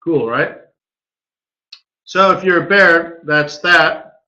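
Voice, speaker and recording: A man's voice: a little high, takes it slowly, pushed and bright. A man, a forex market strategist, talking casually through a live trading webinar and tossing in rhetorical "right?" questions. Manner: chatty, keeps asking rhetorical "right?". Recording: dull lo-fi webinar audio.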